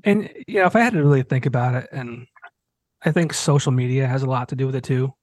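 A man's voice: mid-range voice, fast talker, no echo. A man in his thirties, host of a podcast, telling a personal story in casual chat with many restarts. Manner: rambling storytelling, many restarts, acts out quotes.

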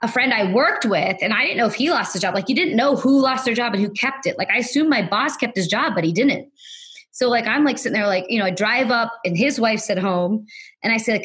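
A woman's voice: fairly high pitch, lively intonation, a little fast, fairly bright tone, slightly rough. A woman guest on a podcast interview, telling a story casually, full of "like" fillers, sometimes acting out what others said. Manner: rambling, heavy use of "like" fillers; acts out other people's lines in quoted voices.

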